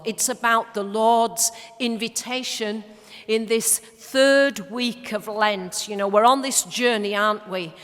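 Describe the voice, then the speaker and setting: A woman's voice: mid-range voice, a bit bright. A woman in her sixties with a Yorkshire accent, speaking at a church mission, telling stories with humorous asides and some hesitations. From Leeds, northern England. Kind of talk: church talk with anecdotes. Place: large church. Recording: long church reverb.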